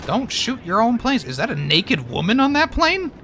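A man's voice: very high-pitched, wildly swooping pitch, normal speed, pushed and bright, slight background noise. A man streaming a war video game, giving casual joking commentary, laughing often and swearing now and then.

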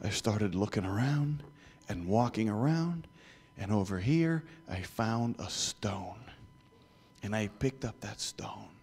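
A man telling a story to children in church, animated, asking the listeners questions and dropping to whispers. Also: on the low side, slow, husky. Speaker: guest speaker.

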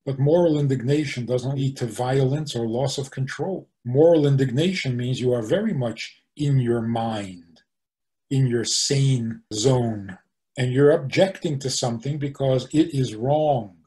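A man, a rabbi, giving an animated teaching talk, posing rhetorical questions and answering them himself. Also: mid-range voice. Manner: animated, acts out the angry voices he quotes.

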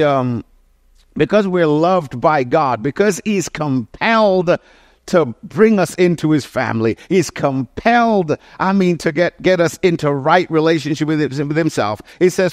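A man's voice: fairly high pitch, no room sound, studio quality. A man preaching a sermon, emphatic and full of rhetorical questions to his listeners, often restarting and correcting himself mid-phrase. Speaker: pastor.

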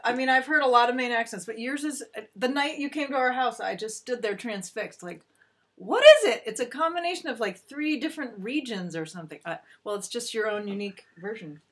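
A woman's voice: on the high side, animated, a little fast, breathy edge. A woman hosting a casual talk show, chatty and enthusiastic, laughing often. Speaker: host. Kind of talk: casual chat.

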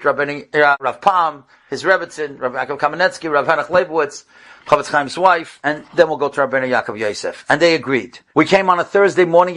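Rabbi guy with a high voice telling a story, gets really animated, drops hebrew and yiddish words. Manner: animated, voice jumps high at dramatic moments; sprinkles Hebrew and Yiddish terms. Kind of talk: storytelling talk.

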